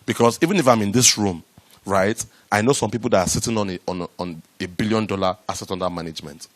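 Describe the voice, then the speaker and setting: In an event room before a live audience, a man gives a lively motivational talk on raising startup money. He repeats himself and builds to loud, emphatic bursts, talking fast in a lowish voice.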